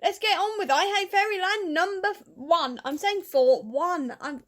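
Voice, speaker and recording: A woman's voice: extremely high pitch, normal speed, fairly bright tone. A woman chatting casually in a book vlog, emotional and rambling, often laughing at herself. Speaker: book vlogger.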